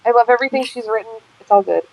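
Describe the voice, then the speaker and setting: A woman's voice: a little high, racing, creaky, dry recording. A woman with a Baltimore accent co-hosting a casual group chat show, chatty and gushing, laughing easily. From Baltimore, USA. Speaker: podcast co-host. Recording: dull lo-fi online audio.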